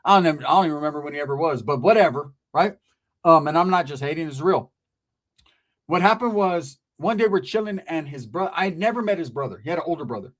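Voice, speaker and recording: A man telling a long comic story, animated and full of street slang and swearing. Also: a little high, fast. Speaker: comedian. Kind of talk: stand-up storytelling.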